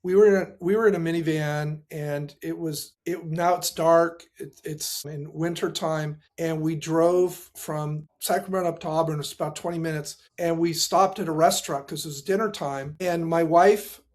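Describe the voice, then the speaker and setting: A middle-aged man, a pastor and grief specialist, telling a painful personal story as a guest, acting out the dialogue and dropping to a soft voice at the hardest moments. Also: fairly high pitch, fairly even intonation, normal speed, hardly any pauses. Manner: earnest, acts out quoted dialogue, voice drops soft at painful moments.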